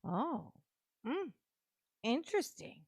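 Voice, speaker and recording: A woman doing a mocking impression of an excited, scheming male defendant. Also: sits high, takes it slowly, no echo, clean studio sound, full character voice. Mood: gleeful.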